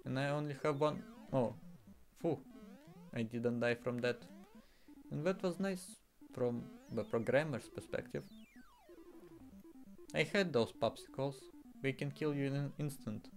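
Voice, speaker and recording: A man's voice: medium pitch, unhurried, long pauses, darkish tone, faint music behind. A man giving casual commentary while playing a video game, exasperated and swearing often. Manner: exasperated, swearing, frequent exclamations. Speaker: gaming streamer.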